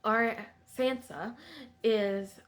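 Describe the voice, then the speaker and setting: A woman's voice: a little high, fairly even intonation, drawn-out words. A woman giving a chatty, digressive recap of a TV episode in a sympathetic tone. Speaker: show recapper.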